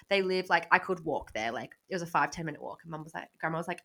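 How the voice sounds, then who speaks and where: A woman in her twenties with an Australian accent, co-hosting a casual podcast and telling stories with lively quoted asides. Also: lowish voice, fast talker, hardly any pauses. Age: 20s. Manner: storytelling, swears freely, animated quoted asides. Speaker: podcast co-host. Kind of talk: casual chat.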